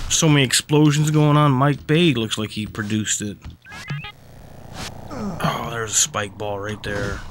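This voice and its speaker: A man's voice: fairly low pitch, background noise. A man streaming a video game live, commenting casually with frequent swearing and frustrated grumbling.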